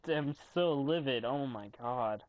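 A young man giving casual commentary while playing a video game, swearing and yelling in frustration. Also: mid-range voice, takes it slowly. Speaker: gamer commentator.

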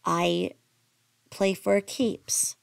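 A woman's voice: on the low side, level tone, very slow, gravelly, no echo. A woman hosting a livestream commentary, speaking emphatically and repeating herself for effect. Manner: emphatic, repetitive, reads chat aloud. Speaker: commentary channel host.

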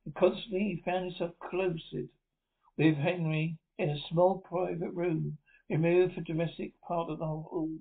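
A man reading a Gothic novel aloud in measured, dramatic narration, on a tinny lo-fi recording. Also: fairly high pitch, fairly even intonation, gravelly, husky. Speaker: audiobook narrator.

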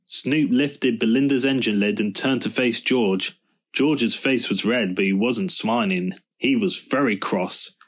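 A man reading a children's storybook aloud in a calm, measured narration. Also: fairly low pitch. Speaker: storybook reader.

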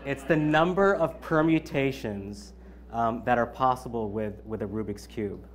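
Here a thirtysomething man, medium-pitched and a touch slow, kicks off his own conference with a keynote. He keeps it chatty, leaning often on "um" and "you know."

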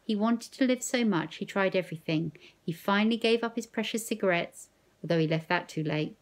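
A woman's voice: medium pitch, fairly quick, lightly acted. A woman reading a novel aloud, voicing an elderly grandmother who speaks earnestly and coaxingly. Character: elderly grandmother, gentle but firm.

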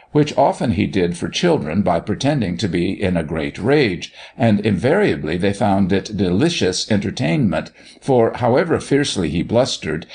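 A man narrating a story in expressive, scripted storytelling. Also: on the low side, gravelly, breathy edge.

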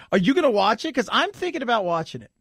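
Animated high-pitched male radio host. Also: fast talker, slightly rough, dry recording, studio quality. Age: middle-aged. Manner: animated, joking, sarcastic asides. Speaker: radio talk show host. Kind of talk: casual talk radio monologue. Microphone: studio microphone.

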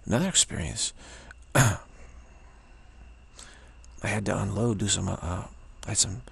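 Speaking unhurriedly in a fairly low, creaky, slightly rough voice, this man offers a casual spoken reflection. He is a spiritual teacher telling a spiritual story, and with his sore throat he rambles, repeats himself, and restarts often.

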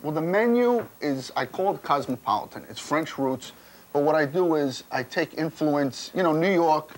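A man's voice: fairly high pitch, animated, normal speed, poor audio. A man, a chef, chatting and joking as he cooks in a restaurant kitchen, often tagging his sentences with "okay?". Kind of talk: casual chat while cooking.

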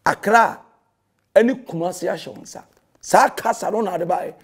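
A man's voice: high-pitched, normal speed, slightly rough. A Ghanaian man, a pastor, delivering a heated and confrontational rebuttal that scolds a rival and mixes in English phrases.

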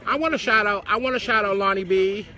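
Sassy, high-voiced male live-streamer. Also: quick pace. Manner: sassy and dramatic, with many endearments and loud swearing. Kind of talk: casual live-stream chat. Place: outdoors on a city street. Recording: busy street crowd noise.

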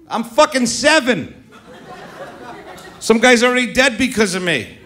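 A man's voice: high voice, very animated, normal speed, long pauses, pushed and bright. Brash profane stand-up comic man. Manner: brash, profane, crowd-baiting. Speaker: stand-up comedian. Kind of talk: stand-up comedy set. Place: comedy club stage with audience.

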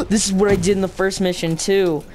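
A man's voice: high voice, flat delivery, fairly quick, darkish tone, faint music behind. A man giving goofy, joking commentary over gameplay, making sound effects. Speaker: gamer commentator.

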